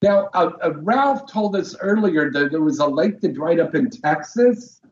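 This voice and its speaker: A man's voice: fairly high pitch, expressive, reverberant, dull audio. A man hosting a radio show who chats casually and crudely, jokes around and laughs often. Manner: crude, joking, quick to laugh. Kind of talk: casual bawdy radio chat.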